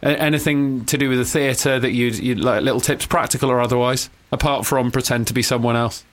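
A man's voice: medium pitch, fairly even intonation, brisk. A man hosting a radio show, teasing and laughing with callers. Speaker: radio host. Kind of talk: casual radio banter.

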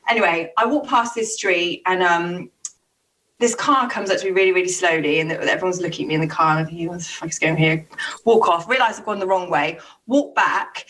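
A young woman co-hosting a casual chat, telling an animated story with quick laughs and acted-out quotes. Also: lowish voice, distant mic, poor audio. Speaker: co-host.

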